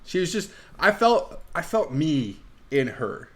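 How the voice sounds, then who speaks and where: A man's voice: on the high side, a little slow. Chatty man retelling movie scenes. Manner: animated retelling of movie scenes, laughs often; candid and a little crude. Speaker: podcast co-host. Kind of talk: casual movie review chat.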